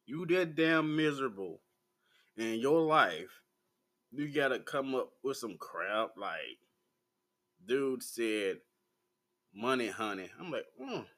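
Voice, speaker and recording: Slow, blunt, profane Southern man. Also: medium pitch, big pitch swings, fairly bright tone. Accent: Southern American. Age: 40s. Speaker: vlogger. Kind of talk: profane rant to camera.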